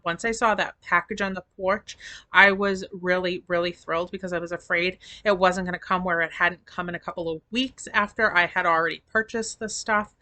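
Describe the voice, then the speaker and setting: A woman's voice: on the low side, sharp tone, no room sound. A middle-aged woman vlogging in a rambling, chatty way, feeling sick with a sore throat. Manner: chatty, rambling, affectionate to viewers. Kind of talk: casual chat to camera.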